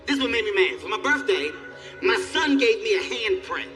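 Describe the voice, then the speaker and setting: High, bright-voiced animated male comedian. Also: a little fast, soft background music. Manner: animated, profane, acts out characters with squealing high voices. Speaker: stand-up comedian. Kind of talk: stand-up storytelling. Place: comedy stage.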